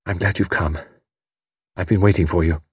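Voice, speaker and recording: A man reading aloud, voicing an intense, grieving young woman who speaks quietly and earnestly. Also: low voice, moderate pace, breathy edge, no echo, clean studio sound. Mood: flat. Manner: quiet, flat, then pleading.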